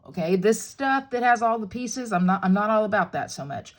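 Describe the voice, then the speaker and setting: A woman's voice: medium pitch, animated, fairly quick. A middle-aged woman hosting a crafting tutorial, chatting playfully with viewers as she demonstrates and jokes along the way.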